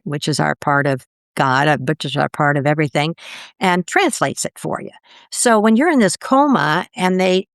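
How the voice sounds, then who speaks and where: An older woman, a podcast guest, telling her story in casual conversation and acting out quoted voices with big jumps in pitch. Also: creaky, no room sound, clean studio sound.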